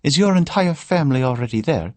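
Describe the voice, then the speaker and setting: A man's voice: fairly high pitch, lively intonation, a little fast, darkish tone, no echo, pitched above the performer's own voice, close to an everyday voice. A man putting on a lilting old Irish grandmother. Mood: chatty. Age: older. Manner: lilting, friendly and talkative. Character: chatty older Irish grandmother on a plane. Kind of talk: audiobook character voice.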